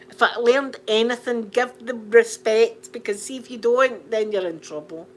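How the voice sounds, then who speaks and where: A Scottish woman telling funny stories in an animated, repetitive way, laughing along as she talks. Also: on the high side, normal speed, few pauses, slight background noise. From Scotland. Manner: animated, laughing, repeats phrases for comic effect. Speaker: channel host. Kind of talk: casual storytelling chat.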